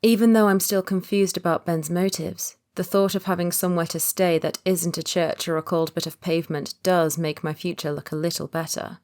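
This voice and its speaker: A woman with a somewhat low voice narrating a romance audiobook in the first person. Her reading is calm and measured, with an even flow.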